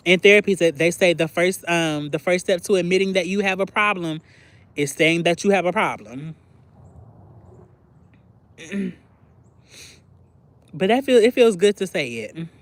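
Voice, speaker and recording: A young man talking candidly on a livestream, confiding and expressive, acting out bits of phone conversations and often clearing his throat. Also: high-pitched, takes it slowly, long pauses, dry recording. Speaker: livestream host. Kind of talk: candid personal livestream chat.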